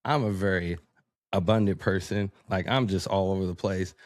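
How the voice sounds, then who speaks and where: Animated, lower-voiced man telling stories. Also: moderate pace, no echo, studio quality. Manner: animated storyteller, acts out quotes, laughs often. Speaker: podcast guest. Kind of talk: casual conversation.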